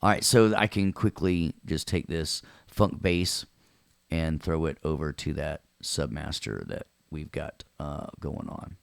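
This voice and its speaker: Low-voiced joking Nashville instructor. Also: male voice, measured pace, vocal fry, no room sound. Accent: Southern US, Nashville. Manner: joking, chatty, talks to students. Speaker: audio workstation instructor. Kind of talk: recorded class lecture with jokes.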